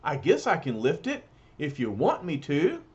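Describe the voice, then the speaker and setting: A man's voice: fairly high pitch, wildly swooping pitch, moderate pace, dull audio. A man doing a smug, cocky impostor strongman. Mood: coy. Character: smug male impostor posing as a rocky strongman.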